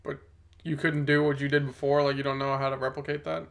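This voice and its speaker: A man's voice: medium pitch, little pitch movement, fast, gravelly, fairly bright tone. A man co-hosting a podcast, asking quizzical, probing questions in casual chat and laughing easily. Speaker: podcast co-host.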